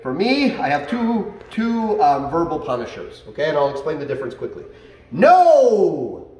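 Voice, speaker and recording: A man working as a dog trainer explains things to a class in an animated way. He often checks in with "okay?" and "right?". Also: on the high side, brisk, recorded from a distance. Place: dog training facility, indoors. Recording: roomy echo, set back from the mic.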